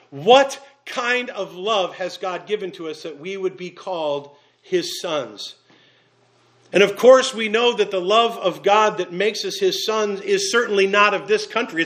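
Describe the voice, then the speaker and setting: A man preaching a sermon, earnest, with dramatic pauses and vivid storytelling. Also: high-pitched, a bit bright. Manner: storytelling with fillers and restarts. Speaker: pastor.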